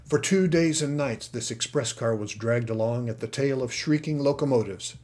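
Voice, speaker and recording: A man reads a storybook aloud in a steady, expressive way. His voice sits in an ordinary middle pitch for a man. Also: moderate pace. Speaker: audiobook narrator. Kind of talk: scripted narration.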